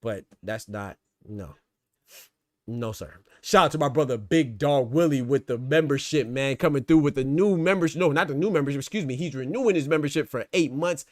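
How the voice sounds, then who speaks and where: A man's voice: medium pitch, expressive, brisk, a little mellow, dry recording, clean studio sound. A man hosting a casual livestream, arguing his points and answering chat, repeating phrases to press them home. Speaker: boxing talk show host.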